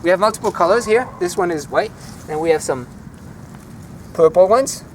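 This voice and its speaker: A man walking through a home vegetable garden outdoors, naming plants and teaching their French words in a relaxed, chatty way. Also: high voice, normal speed, a little hiss or hum. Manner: relaxed, chatty, easily enthused. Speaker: language teacher giving a garden tour.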